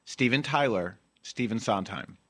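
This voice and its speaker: A man hosting a podcast interview, running a quiz with quick, wry banter. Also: on the low side, animated, a bit bright. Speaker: podcast host. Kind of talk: casual interview chat.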